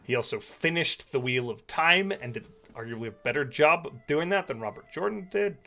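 A man chatting casually as a podcast co-host and game master, relaxed and rambling with lots of filler words. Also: a little high, normal speed, creaky. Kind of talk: casual chat.

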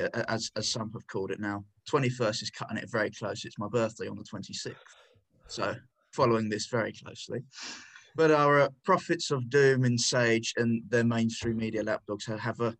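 A man's voice: on the low side, a bit bright, poor audio. A man contributing to a political commentary podcast, combative and sardonic, often stumbling and restarting his sentences.

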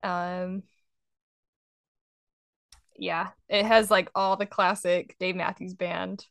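A young woman co-hosting a casual music chat, relaxed and thoughtful, announcing each track. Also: on the low side, creaky, no room sound, studio quality. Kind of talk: casual chat reviewing songs.

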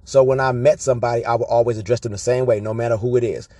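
A man telling personal stories to his viewers in an animated, profane, casual way, often checking in with "right?". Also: mid-range voice, racing, no room sound. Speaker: vlogger. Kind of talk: casual storytelling monologue.

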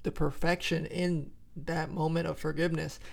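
Gravelly higher-voiced man, animated chat. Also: normal speed. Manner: animated, searching for words. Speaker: podcast co-host. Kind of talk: casual faith podcast chat.

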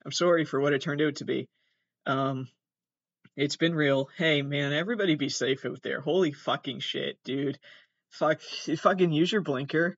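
Young male host, rambling and sweary, slightly high voice, dry dull sound. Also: moderate pace, fairly bright tone, no echo. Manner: rambling, profane, self-deprecating. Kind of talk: casual comedic storytelling.

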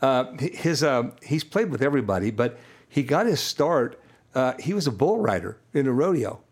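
A man co-hosting a music radio show in easy, casual chat. He rambles and restarts his sentences, filling the gaps with "uh" in a middle-pitched voice. The talk is loose and unscripted. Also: sing-song, moderate pace, slightly rough. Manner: easygoing, rambling with many fillers and restarts.

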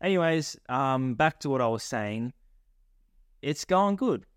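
A man's voice: medium pitch, lively intonation, a little slow, clear, resonant tone, no echo, clean studio sound. A young man co-hosting a podcast, chatty and teasing. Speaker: podcast co-host. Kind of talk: casual chat. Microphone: podcast mic.

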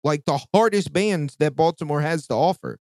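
A man's voice: on the high side, normal speed, darkish tone, no echo. A man in his thirties, hosting a podcast in casual chat and telling a story in a heated, profane rant. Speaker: podcast host.

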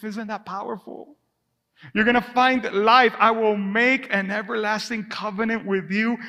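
A man's voice: high voice, bright, forceful tone. A man preaching a sermon as pastor of his church, passionate and conversational, sometimes dropping his voice to a whisper. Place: church sanctuary. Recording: long reverb of a church hall.

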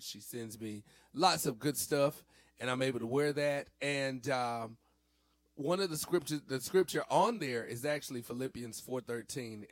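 A man talks through a casual faith chat in a playful, animated way, joking and slipping into a preacher's cadence. His voice sits at an ordinary middle pitch. The sound is dry and close, with no room around it. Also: no room sound. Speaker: host.

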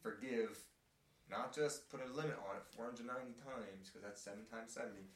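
A man leading a casual group Bible discussion. He reads scripture and acts out quotes in playful, animated voices. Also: mid-range voice, brisk. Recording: echoey room, mic at a distance.

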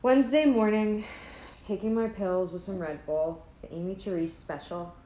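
Speaking at a normal pace in a warm, medium-pitched voice, a woman chats loosely for her vlog at home in an apartment. Drowsy and self-deprecating, she often lets sentences trail off, and the recording has an echoey room with faint ambience.

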